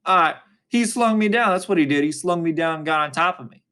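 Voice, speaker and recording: A defiant young woman on the witness stand, put on by a man reading the story aloud. Her voice rides higher and louder than the reader's own, with a shrill, defensive edge in a spoken storybook courtroom. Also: animated, fairly quick, clear, resonant tone. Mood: flustered.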